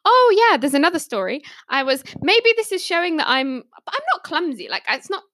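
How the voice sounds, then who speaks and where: Giggly young woman, higher voice. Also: sing-song, brisk, a bit bright, dry recording, studio quality. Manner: giggly, laughs often while telling stories. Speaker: podcast panelist. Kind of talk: casual storytelling.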